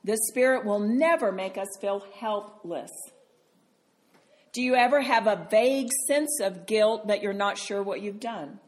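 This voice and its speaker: A woman teaching a Bible study to a group, animated and tender, calling listeners sweetheart. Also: mid-range voice, a little slow.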